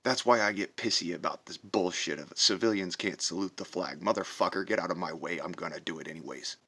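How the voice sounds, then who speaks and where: A man from the United States with a very deep, husky voice and a hard, forceful edge. He rants at the camera, swearing freely and stressing his words slowly to drive them home. The talk stays confrontational and emphatic throughout. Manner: profane, confrontational, emphatic, with slow drawn-out stresses. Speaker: reaction video host. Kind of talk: heated patriotic rant to camera.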